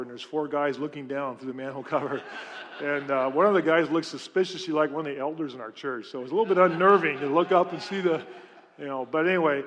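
A man preaching a conversational sermon in a church. His voice sits a little high for a man, and his stories and questions to the congregation carry a long reverb through the sanctuary. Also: fairly bright tone, lo-fi sound, slight background noise. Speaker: pastor.

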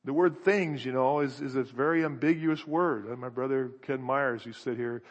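Husky preacher in an echoey hall. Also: male voice, medium pitch, fairly even intonation, moderate pace, highs cut off. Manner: earnest, searching, thinking aloud with restarts. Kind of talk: sermon.

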